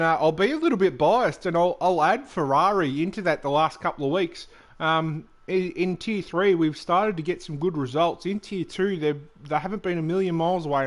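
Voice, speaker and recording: A man giving casual commentary on an online racing league he also drives in, relaxed, with many fillers and restarts. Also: a little high.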